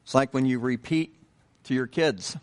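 A man preaching a sermon in a conversational way, pausing with fillers and restarting his sentences, and asking the listeners questions. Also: medium pitch. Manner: unhurried, repeats himself with many fillers and restarts; conversational, asks the congregation questions. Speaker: pastor.

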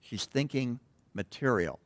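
Middle-aged male pastor, relaxed conversational sermon, rambly asides, trails off quietly, dry close sound. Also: medium pitch, unhurried, dry recording. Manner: digressive, drops to a hush at phrase ends. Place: church.

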